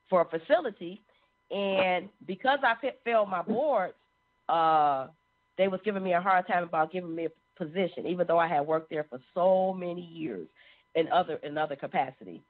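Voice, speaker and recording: A woman sharing a personal testimony in an animated storytelling manner. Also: on the low side. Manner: animated, acts out quoted voices. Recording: phone-like narrow sound.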